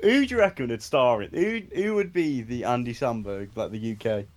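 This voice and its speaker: A man co-hosting a casual podcast, laughing often and throwing in quick jokey asides. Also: medium pitch, lively intonation. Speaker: podcast co-host. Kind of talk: casual chat.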